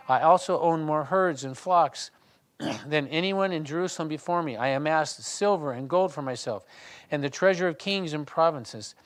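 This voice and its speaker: A man with a slightly higher voice than most leads a small Bible study. He reads scripture aloud and then talks it over in a loose, conversational way. He thinks aloud, restarts his sentences and often clears his throat. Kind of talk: reading scripture and discussing it in a small group.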